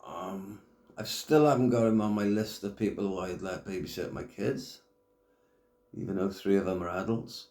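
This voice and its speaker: A middle-aged man holding forth in a blunt, foul-mouthed rant, his voice sitting fairly low. The sound bounces around an echoey room. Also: moderate pace, darkish tone. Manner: blunt, heavy swearing, blokey slang. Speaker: YouTube commentator. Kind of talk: casual rant to camera.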